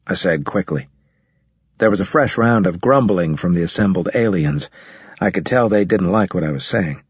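Male audiobook narrator, husky, low, measured. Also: no room sound. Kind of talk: scripted first-person narration. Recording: dull, muffled audio.

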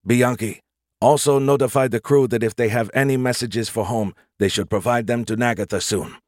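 A man's voice: mid-range voice, steady tone, normal speed, darkish tone, dry recording, clean studio sound, lightly acted. A man playing a senior colonel giving terse, matter-of-fact orders aboard a ship. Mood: terse command. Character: gruff male senior colonel commanding a ship.

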